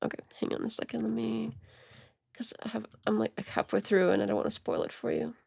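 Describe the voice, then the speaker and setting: A woman streamer chatting casually as she reacts to videos, rambling with stammered restarts and quiet muttered asides. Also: a little high, big pitch swings, fairly quick, gravelly, breathy edge, no echo, studio quality. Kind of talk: casual live-stream commentary.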